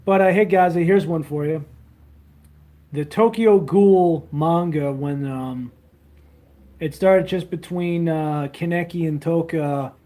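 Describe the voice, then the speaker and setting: A young man chats loosely into a handheld phone while he streams. He is crude and meandering, with plenty of ums and trailing thoughts. His voice sits a little high for a man. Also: slow pace, mellow. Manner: rambling, crude, many fillers. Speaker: livestreamer. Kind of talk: casual livestream chat.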